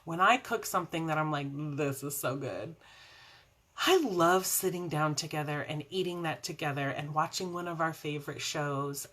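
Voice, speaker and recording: A woman hosting a casual faith vlog from home, chatting warmly and rambling into tangents with frequent laughs. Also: low-pitched. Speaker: faith vlogger and show host. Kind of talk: casual devotional chat to camera.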